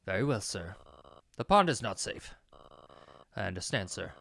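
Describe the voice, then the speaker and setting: A man reading as a soft-spoken devoted butler. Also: on the low side, sing-song, normal speed, gravelly, no echo, studio quality, exaggerated voice. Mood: deferential. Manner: courteous, quiet and deferential.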